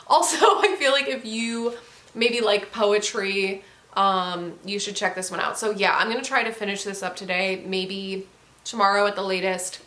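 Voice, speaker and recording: Bright, gushing woman in an echoey room. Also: on the high side. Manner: gushing and candid, swears freely. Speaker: book reviewer. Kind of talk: casual book review vlog.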